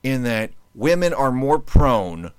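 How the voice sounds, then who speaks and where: A man's voice: mid-range voice, big pitch swings, takes it slowly, smooth, no echo. A man hosting his own podcast in casual chat, rambling and joking as he restarts his sentences. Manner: rambling, self-interrupting, joking. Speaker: podcast host.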